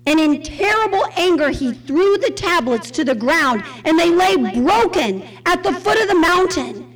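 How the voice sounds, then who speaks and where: High, animated woman teaching Bible study. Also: normal speed, rough recording. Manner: expressive and conversational, asks the audience questions.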